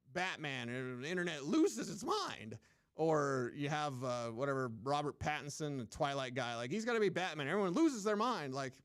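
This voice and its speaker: A man's voice: fairly high pitch, dry recording, clean studio sound. A man hosting a sports radio show, giving emphatic, opinionated talk and mocking people in put-on voices. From United States. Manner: emphatic, repetitive, mocking mimicry.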